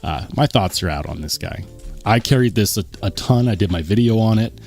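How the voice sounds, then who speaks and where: A man's voice: fairly low pitch, lively intonation, brisk, vocal fry, darkish tone, faint music behind. A man hosting a live stream in casual chat, reading viewer comments aloud and reacting in an upbeat, rambling way. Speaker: livestream host.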